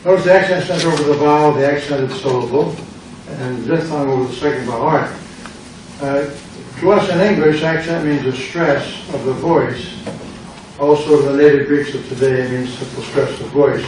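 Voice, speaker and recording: A man's voice: on the high side, normal speed. An older American man, a pastor, teaching a Greek class, quizzing students, repeating words and making playful puns. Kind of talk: classroom lesson with drills. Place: church classroom. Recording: very echoey room, mic far off, noise.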